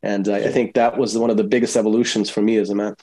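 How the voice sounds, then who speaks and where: A man speaking reflectively in casual podcast chat, hesitant with many filler pauses. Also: lowish voice, little pitch movement, warm tone.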